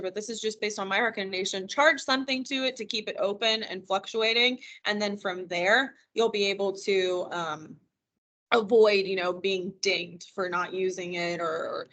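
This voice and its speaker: A woman's voice: mid-range voice, pushed and bright. A woman giving a live virtual financial wellness training, chatty and encouraging as she answers questions from attendees over a computer microphone. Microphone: computer mic on a video call.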